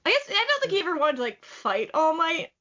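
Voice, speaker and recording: Her voice is extremely high, with huge pitch swings and a pushed, bright quality, as she co-hosts a podcast recapping a manga chapter. She's chatty and enthusiastic, saying "like" a lot and laughing quickly, in slightly muffled lo-fi audio.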